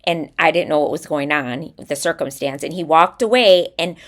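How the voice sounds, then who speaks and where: A woman's voice: sits low, normal speed. A woman in her thirties co-hosting a casual podcast chat, telling stories about her kids and acting out their words. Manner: animated storytelling, acting out her son's lines. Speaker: podcast co-host.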